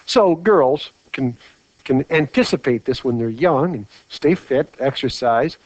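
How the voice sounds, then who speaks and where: A man's voice: mid-range voice, animated, a little slow. A man teaching a lecture while drawing on a whiteboard, chatty and full of rhetorical questions. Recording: dry, dull lo-fi mic.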